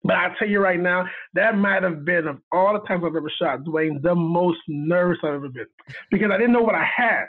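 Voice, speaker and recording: An animated man tells a story, slipping into the voices of the people he quotes and laughing as he goes. His voice sits high and husky. It comes through a tinny, phone-like line. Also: brisk. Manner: animated, acts out quoted dialogue, laughs often. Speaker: guest cinematographer. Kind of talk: storytelling in casual chat.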